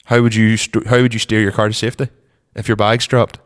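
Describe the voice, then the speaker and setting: A young man with a Northern Irish accent co-hosting a casual car podcast, rambling in a relaxed way, trailing off softly, and feeling cold. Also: on the low side, fast, clean tone. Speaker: podcast co-host. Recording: long reverb.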